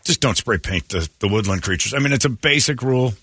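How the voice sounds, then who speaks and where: A male morning radio host riffing with sarcastic, animated banter, his pitch swinging widely. The tone is bright and forward, dry and close on a studio mic. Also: fast, breathy edge, no echo.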